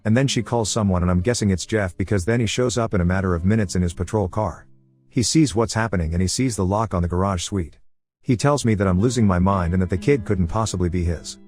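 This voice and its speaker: A man reading an online story aloud in a casual first-person way, over soft guitar music. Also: low voice, fast. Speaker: story narrator. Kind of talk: reading a reddit post aloud.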